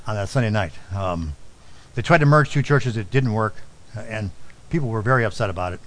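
A middle-aged man preaching a sermon, telling a personal story and dropping to a soft, low voice on key lines. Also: rough recording. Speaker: pastor.

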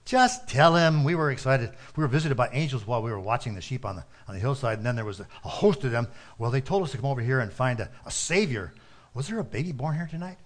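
A man voicing an eager male shepherd in a spoken story, tumbling over his words with excitement. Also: on the high side, unhurried, pauses often, pitched above the performer's own voice, close to an everyday voice. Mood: excited.

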